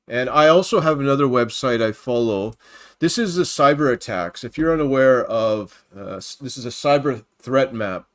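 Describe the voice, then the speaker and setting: A man's voice: mid-range voice, animated, normal speed. A man talks casually into his computer microphone at home, hosting a Christian livestream. His delivery is chatty and wandering, with plenty of asides. He greets his viewers by name as he reads through news on his screen. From Canada.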